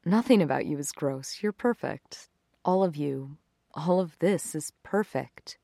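An earnest young man in love speaks low and quietly, as a woman reads his lines. He is gentle and tender in every line. The recording is close and dry. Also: lively intonation, unhurried, gravelly, no room sound, exaggerated voice.

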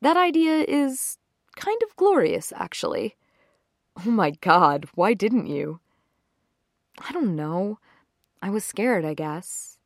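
A woman's voice: mid-range voice, very animated, slow pace, pauses often, no room sound, clean studio sound, pitched above the performer's own voice, full character voice. A woman voicing a nervous young woman who hesitantly confides in her boyfriend, during a story reading. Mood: confiding. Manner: hesitant, soft and confessional. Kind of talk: story reading with character voices.

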